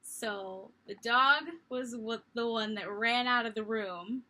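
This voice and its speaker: Young adult woman, bright and slightly high, casual animated storyteller with self-mocking humor. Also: slow pace. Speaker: vlogger.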